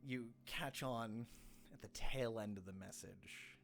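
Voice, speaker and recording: A man's voice: lowish voice, slow pace, creaky, a little hiss or hum. A man narrating as game master in a casual, playful way, with many fillers. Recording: background music.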